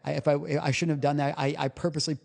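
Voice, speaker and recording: A man's voice: a little high, little pitch movement, rapid-fire, gravelly. A man guesting on a podcast as a recovery coach, telling a personal story candidly and emotionally, swearing casually.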